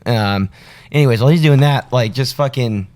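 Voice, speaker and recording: A man hosts a podcast, joking crudely while he questions his friend. He speaks at a middling male pitch. His questions come with curiosity and a lot of laughs. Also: moderate pace, a little mellow. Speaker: podcast host. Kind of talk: casual chat.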